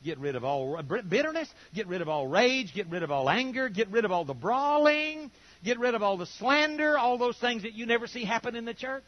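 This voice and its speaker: Animated older preacher with a high voice. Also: male voice, fairly quick, no echo. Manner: animated storytelling, acting out quoted voices. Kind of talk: sermon. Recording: dull lo-fi recording.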